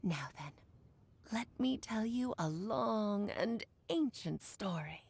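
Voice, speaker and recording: A woman's voice: mid-range voice, expressive, slow pace, vocal fry, a little mellow, slightly rough, full character voice. A woman voicing a grand, coy and theatrical female witch mentor in a video game. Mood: storytelling. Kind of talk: game voice acting. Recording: game audio with faint music.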